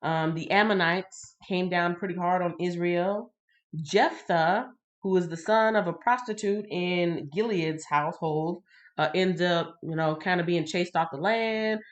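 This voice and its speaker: A woman reading the Bible on a livestream and chatting with viewers in a casual, animated way. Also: fairly low pitch, unhurried, dull audio. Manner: chatty, addresses viewers directly; animated, laughs and greets viewers. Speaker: livestream host.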